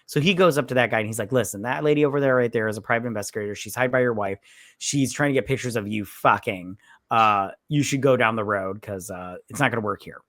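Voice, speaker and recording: A woman with a very deep voice talks fast as a co-host of a casual movie review chat, recorded in studio quality with no room sound. She rambles and swears while retelling scenes and quoting the characters' lines.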